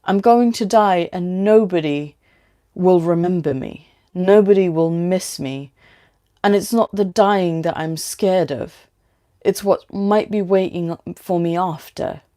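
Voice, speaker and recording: A woman voicing a frightened, bitter young woman in a story reading, quiet and halting. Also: fairly low pitch.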